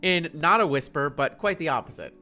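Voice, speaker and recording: A streamer narrating a fan story with an animated, wide-ranging pitch and playful energy. Faint music plays behind the reading. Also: a little fast.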